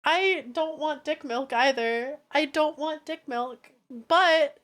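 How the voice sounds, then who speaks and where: A woman streamer in casual livestream chat, playful, crude and quick to swear at her chat. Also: high-pitched, fairly bright tone.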